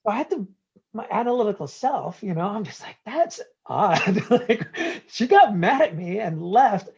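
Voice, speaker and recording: A man's voice: high-pitched, moderate pace, gravelly, slightly rough, muffled recording. A man, a guest in an interview, telling stories animatedly and acting out the dialogue. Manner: animated, acts out quoted dialogue. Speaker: guest entrepreneur. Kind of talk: interview storytelling.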